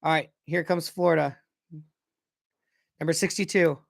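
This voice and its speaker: A young man gives casual, excitable play-by-play of a hockey game as a fan, often stopping to correct himself about who has the puck. His voice sits a little high with a gravelly edge. The sound is dry and close. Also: moderate pace, no echo. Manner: excitable, self-correcting, unsure of player names. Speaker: fan commentator.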